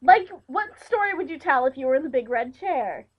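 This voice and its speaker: Giggly high-voiced young woman, lo-fi. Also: lively intonation, a little fast. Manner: giggly, playful, teasing. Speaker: vlogger. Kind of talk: casual chat. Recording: dull lo-fi webcam audio.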